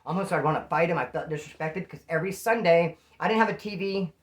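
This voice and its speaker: A man from Bakersfield tells a story from his prison days. He talks fast, in animated street slang, as a casual storyteller. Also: fairly high pitch. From Bakersfield, California.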